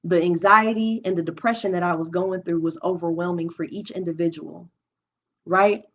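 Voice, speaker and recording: A woman's voice: on the low side, fairly even intonation, moderate pace. A young woman hosting a live stream at home, talking openly and emotionally through her own experiences, thinking aloud with many restarts. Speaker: livestream host. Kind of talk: candid personal talk on a live stream. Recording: dull lo-fi stream audio.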